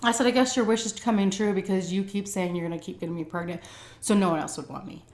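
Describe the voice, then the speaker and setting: A woman's voice: medium pitch, steady tone, fast talker, a little mellow. A woman vlogger telling a personal story in a casual, chatty way, with many "like" and "um" fillers. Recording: echoey room.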